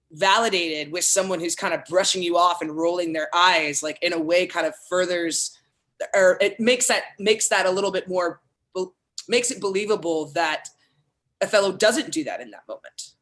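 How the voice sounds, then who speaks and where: A woman with a bright, clear voice thinks aloud in an animated way during a seminar discussion. She fills her talk with casual fillers, and she's on a video call. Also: lowish voice. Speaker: actor in a play-reading seminar.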